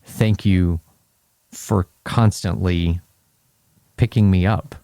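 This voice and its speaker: A man talking about his marriage in a casual podcast chat, slow and halting with many restarts, earnest in tone. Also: sits low, fairly even intonation, dark tone, no echo, clean studio sound. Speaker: married guest.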